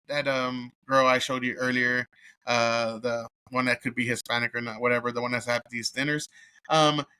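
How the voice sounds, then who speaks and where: A man's voice: medium pitch, sharp tone. A man giving a casual, rambling movie review, swearing constantly and laughing as he retells scenes. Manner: profane and rambling, heavy cursing with filler words; amused, laughs while telling the story. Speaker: vlogger reviewing a film.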